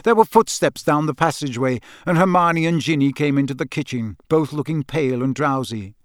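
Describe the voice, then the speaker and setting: A man narrating a storybook in a measured, expressive way. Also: fairly high pitch, no echo, studio quality. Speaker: audiobook narrator. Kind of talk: scripted narration.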